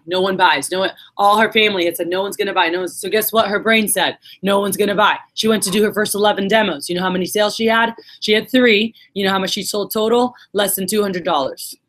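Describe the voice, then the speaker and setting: A woman's voice: mid-range voice, a bit bright. A woman giving a casual, swearing motivational talk to her sales team, acting out the voices in her stories. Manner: casual storytelling, acts out quotes, swears.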